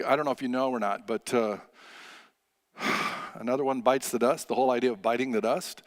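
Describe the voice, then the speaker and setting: A man, preaching a sermon as pastor in a relaxed, joking, conversational way with frequent filler pauses. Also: mid-range voice.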